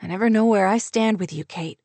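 A woman reading a quiet, tender rancher man. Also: mid-range voice, a little fast, creaky, no echo.

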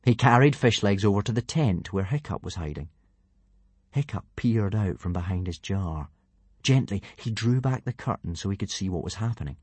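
A male narrator reads a children's adventure audiobook with playful energy and a moderate pace. His low, slightly husky voice rises and falls in a lively way, and the recording is dry and close.

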